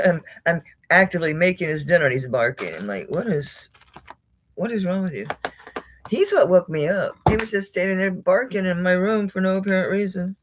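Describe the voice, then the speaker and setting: A sleepy woman hosting a live jewelry sale from home, talking casually and greeting viewers by name between yawns. Her drowsy chat is loose and unhurried. A faint hiss of background noise sits behind her voice. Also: on the low side. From United States. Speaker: jewelry livestream seller. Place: home, indoors.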